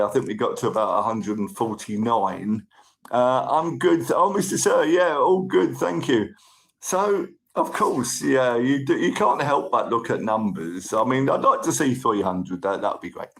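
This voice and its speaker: A man from the UK with a British accent, hosting a livestream and chatting casually through viewer comments, upbeat and a bit overexcited, his voice croaky. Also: mid-range voice. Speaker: livestream host.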